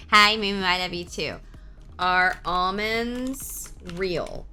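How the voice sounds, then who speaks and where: A woman streamer in casual live-stream chat, swearing freely and answering her chat aloud with excitable reactions. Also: mid-range voice, slow, faint music behind.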